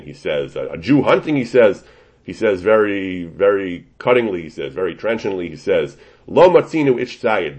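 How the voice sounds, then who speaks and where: A man gives a Talmudic lesson, working through a rabbinic ruling with plenty of Hebrew and Yiddish terms. His voice sits a bit low and is slightly husky. His pitch moves a lot, rising and falling as he argues each point. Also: muffled recording. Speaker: Torah teacher. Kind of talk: Talmudic lecture.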